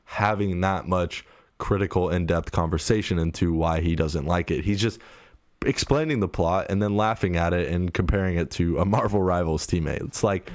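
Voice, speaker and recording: A man's voice: low-pitched, darkish tone, no room sound, studio quality. A man hosting a reaction video, talking casually in a hesitant, mild, somewhat defensive way.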